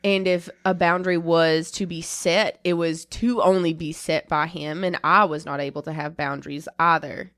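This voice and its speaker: A woman's voice: sits low, fairly even intonation, normal speed, few pauses, a bit bright, no echo. Candid, rambling woman chatting on a podcast. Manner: rambling, self-interrupting, candid. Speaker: podcast co-host. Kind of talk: casual chat.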